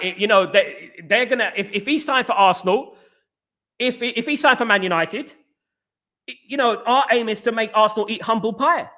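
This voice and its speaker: A man hosts a casual livestream and reads out viewer comments. His voice sits high and bright, and he talks excitably. He slips into chants and says the same phrases over and over. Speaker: livestream host. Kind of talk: casual live chat reading comments.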